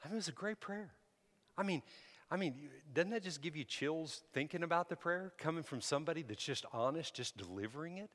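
A man preaching a sermon, shifting from relaxed storytelling to loud, emphatic exhortation. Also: a little high, a little fast. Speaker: pastor. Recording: hall reverb.

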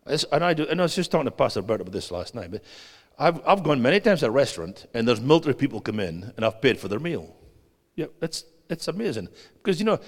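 Animated male preacher in echoing hall. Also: medium pitch. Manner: animated preaching, swinging between loud and hushed, asks audience questions. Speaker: guest preacher. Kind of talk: sermon. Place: church hall. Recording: long hall reverb.

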